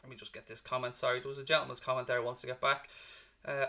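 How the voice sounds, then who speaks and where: A man's voice: mid-range voice, little pitch movement, very fast, bright, forceful tone. A male fan channel host on a live post-match stream, reading out chat comments in an emotional, blunt way that wanders onto tangents, and exhausted.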